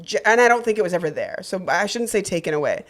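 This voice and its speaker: Brief: woman podcast co-host, lively and profane, quick laughs, mid-pitched voice. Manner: animated, swears freely, laughs a lot. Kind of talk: casual chat.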